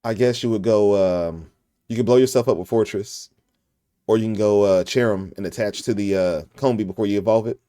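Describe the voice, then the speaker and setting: A man's voice: fairly low pitch, brisk, dark tone, dry recording, studio quality. A man hosting a casual podcast over an online call, joking around in a goofy way and laughing often. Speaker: podcast host.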